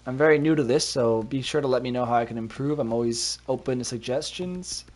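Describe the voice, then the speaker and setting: A man's voice: mid-range voice, a little mellow. A man casually commenting on a hockey management game during a live stream, talking through his thoughts and reacting on the spot, into a desk mic with a cover on it. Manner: chatty, thinks aloud, quick reactions.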